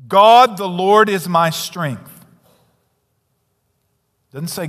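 A male pastor preaching a sermon, swinging between loud emphatic declarations and hushed, near-whispered asides. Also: on the high side, takes it slowly, pauses often. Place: church sanctuary. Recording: long hall reverb, church sanctuary.

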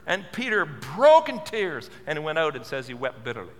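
A man's voice: on the high side, very animated, normal speed, hardly any pauses, a bit bright, long reverb tail. A male pastor preaching a sermon, earnest and full of questions, repeating words for stress. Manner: earnest, asks many questions.

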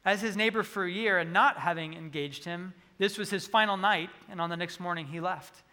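A man's voice: sits high, bright, forceful tone. A man preaching a sermon, telling a personal story earnestly and acting out the dialogue. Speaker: pastor. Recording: long reverb of a large hall.

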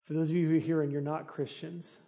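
A man's voice: a little high, level tone, quick pace, creaky, dark tone. A middle-aged man preaching a sermon in an earnest, conversational way that rises in intensity. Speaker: pastor.

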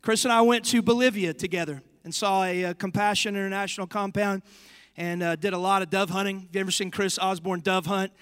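A young adult man preaching a sermon as pastor, animated and emphatic, stretching words for stress. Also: high voice, brisk, smooth, no echo, big-room sound. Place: church sanctuary.

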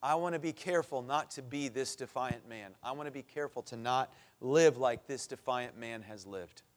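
A man's voice: mid-range voice, normal speed. A middle-aged man preaching a sermon as pastor, earnest and building to impassioned pleas.

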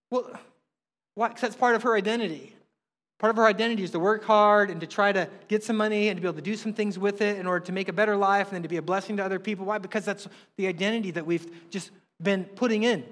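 A middle-aged man, a pastor, preaching a sermon in a conversational, animated way with emphatic rises. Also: sits high. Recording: long hall reverb.

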